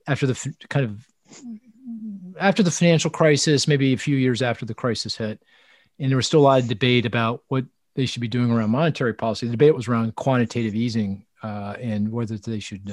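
A man talking as an interview host, telling stories with lots of restarts and quick asides. His voice sits in a middle pitch and is recorded dry and close, with no room sound. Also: dry recording. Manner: animated storytelling, frequent restarts and laughs. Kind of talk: casual interview chat.

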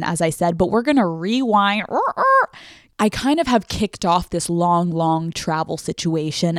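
A woman's voice: lowish voice, a little mellow, dry recording, studio quality. A woman hosting a solo podcast, talking bluntly and with emphasis and swearing casually. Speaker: podcast host.

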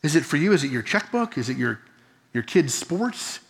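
A man's voice: on the high side, sing-song, normal speed, gravelly. A man preaching a Bible-teaching sermon, earnest and explanatory, with rhetorical questions and occasional self-corrections. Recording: long reverb of a large hall.

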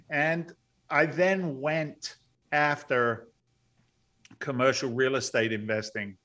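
A middle-aged man with a mid-range voice, appearing as a podcast guest, earnestly tells his life story in an emotional storytelling interview. He is close to tears at times and breaks into loud, excited bursts.

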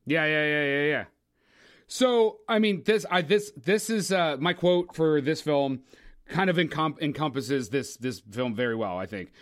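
Fairly high-pitched man, chatty horror-film talk, quick to agree. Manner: talkative, trivia-sharing, quick agreements. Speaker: podcast co-host. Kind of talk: casual film discussion.

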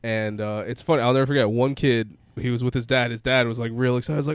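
A man's voice: mid-range voice, steady tone, fast, hardly any pauses, smooth, no echo, clean studio sound. A young man in casual chat, telling rambling stories and laughing easily. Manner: rambling storyteller, laughs easily, mimics people in quotes.

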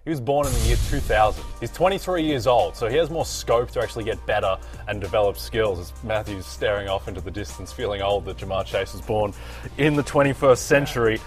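Low-voiced Australian man, dry podcast talk. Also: a little fast, soft background music. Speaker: podcast co-host. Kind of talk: casual sports chat.

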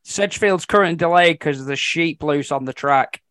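A man's voice: fairly high pitch, moderate pace, fairly bright tone, clear, resonant tone. A man chatting lightly on live sports radio as a racing tipster. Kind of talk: casual sports radio chat.

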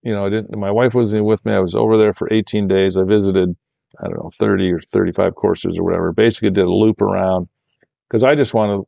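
Low gravelly guy rambling through a travel story in an interview, dry close sound. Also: fast talker, dry recording. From Michigan, USA. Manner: rambling, animated when quoting others. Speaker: golf course architect guest.

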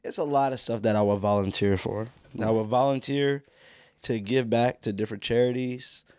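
A man co-hosting a podcast in casual chat, his voice hoarse from losing it, laid-back and joking with plenty of slang. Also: mid-range voice, normal speed, a little mellow, dry recording. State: hoarse, lost voice. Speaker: podcast co-host.

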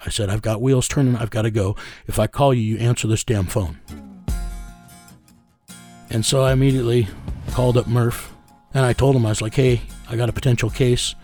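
A man's voice: medium pitch, fairly even intonation, brisk, mellow, soft background music. A man working as a child recovery investigator, telling a story in an interview in a blunt, profane way with many fillers.

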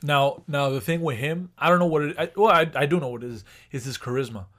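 A man's voice: on the high side, fast, a bit bright. A man co-hosting a podcast in casual chat, rambling with restarts and swearing. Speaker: podcast co-host.

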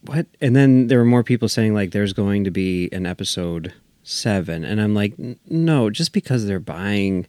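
Lowish guy on a podcast acting out how he reacted, dry sound. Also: normal speed, no room sound. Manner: animated, acts out his own reactions. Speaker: podcast guest. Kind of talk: casual podcast chat.

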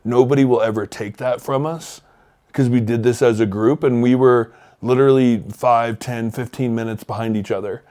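A man's voice: medium pitch, fairly even intonation, moderate pace, warm tone. A man co-hosting a podcast, reflecting earnestly in casual conversation with loose, rambling phrasing. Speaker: podcast co-host.

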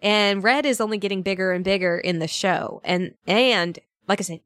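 Here a woman voice actor with a mid-range, fairly bright voice talks at a moderate pace on a dry recording. As a podcast guest in casual chat, she recounts stories and voices the people in them, with frequent laughter and fillers.

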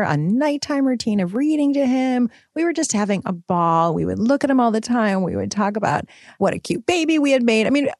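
A woman's voice: mid-range voice, darkish tone, dry recording, studio quality. A young woman, a new mother, speaking candidly and emotionally in a personal vlog.

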